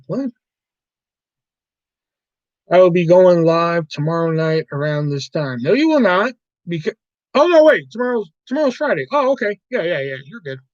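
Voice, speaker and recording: A man's voice: on the high side, dry recording. A man hosting a casual livestream chat, swearing a lot and ranting as he acts out his coworkers. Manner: profane ranting, mimics coworkers. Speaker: livestream host. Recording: dry, dull lo-fi sound.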